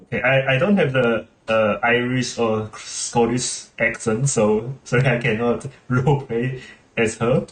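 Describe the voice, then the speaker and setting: A man's voice: medium pitch, fairly even intonation, unhurried. A man streaming a game, chatting casually and explaining things at length. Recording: roomy room with game music.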